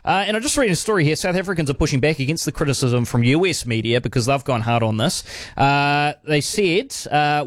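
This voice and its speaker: Dry-sounding New radio host. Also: male voice, a little high, lively intonation, brisk, dry recording. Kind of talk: talk radio.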